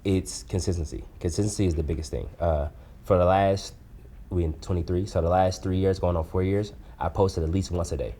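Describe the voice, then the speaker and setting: A man in his twenties, a guest in an interview, talking earnestly and casually with relaxed dialect grammar and easy laughter. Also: sits low, a little fast. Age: 20s. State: choked up at times. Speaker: guest, food reviewer.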